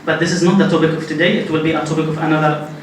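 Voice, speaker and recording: A man with a fairly high voice lectures in a strongly echoing classroom. He is heard from some distance off the mic, and faint noise runs underneath. His first language is Arabic, and he explains things patiently, step by step. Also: level tone, very fast. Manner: explains step by step, repeats key points. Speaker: linguistics lecturer.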